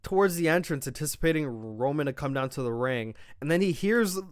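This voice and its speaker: Excitable young man recapping wrestling. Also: on the high side, no room sound, studio quality. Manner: casual, profane, excited recap with quick quoted voices. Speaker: wrestling show reviewer. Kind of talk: casual recap of a wrestling show.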